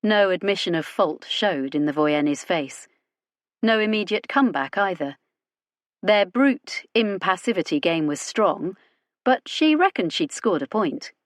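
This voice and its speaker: Narrator: woman, lowish voice, wry even delivery, dry close recording. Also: measured pace, no room sound. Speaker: audiobook narrator. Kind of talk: scripted narration.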